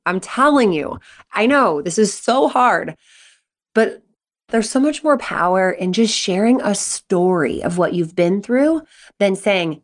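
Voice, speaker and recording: A middle-aged woman hosting an advice podcast, talking in a chatty, animated way and acting out quotes from her stories. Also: mid-range voice. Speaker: podcast host and coach. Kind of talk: casual advice talk.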